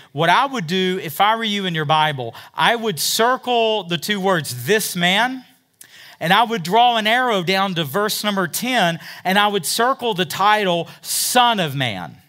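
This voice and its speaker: A man's voice: high-pitched, pushed and bright. A man preaching a sermon, explaining scripture verse by verse and acting out quotes with emphasis. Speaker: pastor.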